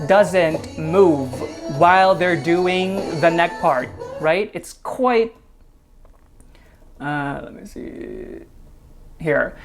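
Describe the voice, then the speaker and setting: A man hosting a casual dance reaction video, chatty, laughing often and filling pauses with ums. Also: a little high.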